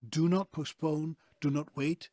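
A voice actor appears as a guest on a video call interview, telling stories in an animated, emphatic way with a hard-to-place, mixed European-English accent. His voice is a little high and unhurried. The sound is clean studio quality with no echo.

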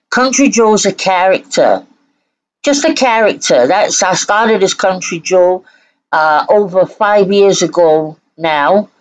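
A woman from Scotland hosts a reaction commentary. She talks slowly, with a sarcastic, mock-sweet edge. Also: medium pitch, animated, low-quality recording. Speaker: channel host.

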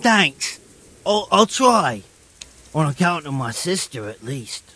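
An actor playing a dim, good-natured young village man in a video game, husky and sheepish. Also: fairly high pitch, sing-song, takes it slowly, pushed and bright, exaggerated voice.

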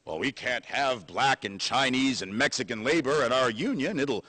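A man's voice: medium pitch, lively intonation, moderate pace, bright, forceful tone, dry recording, pitched below the performer's own voice. A man doing a huffy bigoted union boss. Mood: indignant. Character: bigoted old-time male union leader.

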